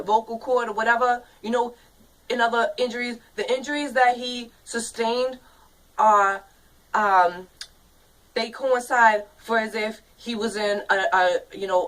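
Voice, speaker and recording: A woman's voice: fairly high pitch, fairly bright tone, distant mic, low-quality recording. Swearing, rambling woman in her thirties. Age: 30s. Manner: angry, profane and rambling, full of fillers. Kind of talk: casual vlog rant.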